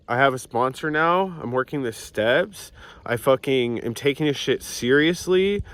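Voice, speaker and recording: A man's voice: mid-range voice, fairly bright tone, no room sound. Profane, rambling young man. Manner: rambling, profane, self-mocking with restarts. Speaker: vlogger. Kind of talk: casual confessional vlog. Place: outdoors on a hillside. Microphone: handheld camera.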